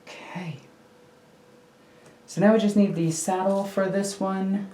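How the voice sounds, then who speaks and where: A woman's voice: medium pitch, fairly even intonation, slow, dark tone, roomy sound. A woman rambling casually while building a miniature model at home, chatty and self-mocking. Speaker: miniature hobby streamer. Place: home hobby room. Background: faint computer hum.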